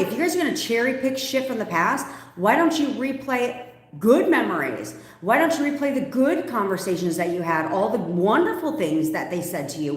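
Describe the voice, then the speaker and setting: A woman coach answering viewer questions on a livestream, blunt and animated, swearing freely and laughing often. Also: mid-range voice, roomy sound. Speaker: manifestation coach.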